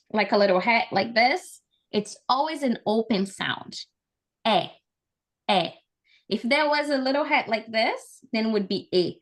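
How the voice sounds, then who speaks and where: A woman from Brazil, leading an online language lesson with call-and-repeat drills in an upbeat, encouraging, chatty way over a video call. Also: on the high side. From Brazil, Amazonas. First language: Portuguese. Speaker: language and culture trainer.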